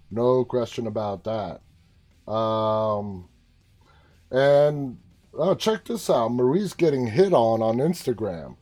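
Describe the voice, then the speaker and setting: A man's voice: mid-range voice, dark tone. An American man hosting a live stream, chatting casually, reading out viewer comments and entertainment news, and often getting sidetracked. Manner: chatty, easily sidetracked, teasing.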